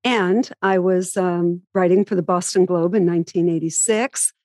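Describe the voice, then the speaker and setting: A woman's voice: lowish voice, steady tone, normal speed, a little mellow, no echo. A woman interviewing a guest in an enthusiastic, chatty way. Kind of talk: casual interview.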